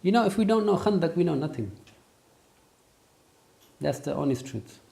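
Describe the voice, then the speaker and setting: This man's voice sits on the high side, with vocal fry and a moderate pace. He's leading an interactive religious lesson with students in a classroom, firing questions at them and making lively, emphatic points.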